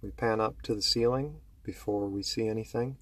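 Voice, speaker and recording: A man telling a horror story slowly and dramatically, dropping low and hushed to build tension. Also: steady tone.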